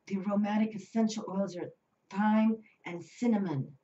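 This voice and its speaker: A woman's voice: medium pitch, normal speed, dark tone. Lady doing a tarot reading, lots of you know and okay, sounds a bit far from the mic and muffled. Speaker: tarot reader. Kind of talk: casual spiritual reading video. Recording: slightly distant, dull lo-fi sound.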